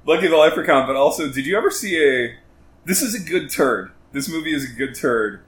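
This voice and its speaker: A man's voice: on the high side, expressive, brisk. A man co-hosting a podcast in casual chat, rambling and playful, riffing and interrupting himself. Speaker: podcast co-host. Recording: roomy echo.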